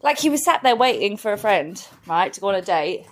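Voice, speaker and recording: A travel vlogger in her 40s talks casually to camera while walking city streets, chatty and blunt with plenty of swearing. Her medium-pitched voice is sing-song and a little fast. It's phone audio with street traffic noise around her.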